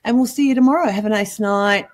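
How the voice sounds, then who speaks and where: A woman's voice: mid-range voice, fast talker. A woman co-hosts a live stream in a mid-range voice. She sounds upbeat and giggly as she reads out and thanks viewers' comments. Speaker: co-host of a live show. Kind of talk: casual live-stream chat.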